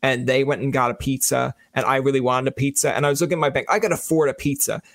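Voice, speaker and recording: A man's voice: medium pitch, fairly even intonation, fast talker, vocal fry, fairly bright tone, no room sound. A man in casual podcast chat, telling self-deprecating stories and acting out his own lines. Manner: joking storyteller who acts out his own lines.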